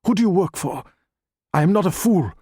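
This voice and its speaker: A man's voice: on the high side, moderate pace, a little mellow, breathy edge, no room sound, studio quality, voice pushed up. Man voicing a proud, cornered older scientist. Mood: demanding. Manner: stiff, commanding, rising to anger.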